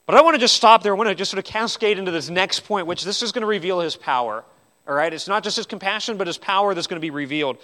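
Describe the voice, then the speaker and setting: A man preaching a sermon in an earnest style, swinging between loud, emphatic lines and quiet ones, and repeating words as he restarts. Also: high voice, fast talker. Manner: earnest preaching with sweeping rises and drops in loudness. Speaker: pastor.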